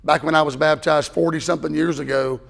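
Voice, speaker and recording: Middle-aged male preacher, fairly high voice, folksy storytelling sermon style. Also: fairly even intonation, fast talker, vocal fry, a bit bright. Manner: folksy, conversational, with repeated words. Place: church during an evening service.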